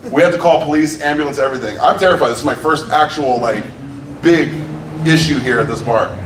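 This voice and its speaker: A man's voice: on the high side, brisk, distant mic, a little hiss or hum. A man hosting an open mic and telling a story in a loose stand-up style, acting out the people in it and laughing along. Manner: loose, laughing, acts out quotes. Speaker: open mic host and comedian. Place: bar comedy room. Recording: echoey room, mic heard from afar.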